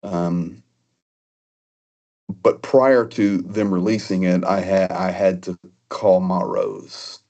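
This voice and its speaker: A man's voice: low-pitched, steady tone, a little mellow. A man telling personal stories in a casual, earnest way, often stopping and restarting. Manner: earnest, halting with frequent restarts. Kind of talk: casual conversational storytelling.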